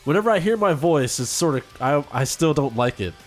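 A man's voice: on the high side, lively intonation, a little fast, faint music behind. A man hosting a podcast, chatting casually with a nasal, stuffed-up voice from a cold, rambling and self-deprecating. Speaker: podcast host. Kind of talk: casual chat.

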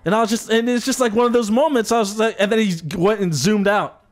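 A man in casual chat, telling a story in an animated and profane way. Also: high-pitched, fast.

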